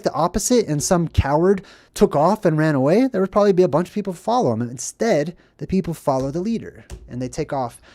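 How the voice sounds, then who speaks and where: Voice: mid-range voice, a little mellow, dry recording. Chatty livestream host in a dry room. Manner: chatty, upbeat, often asks 'right?'; drops into quick acted quotes. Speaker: host retelling a film to live chat. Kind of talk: casual livestream commentary.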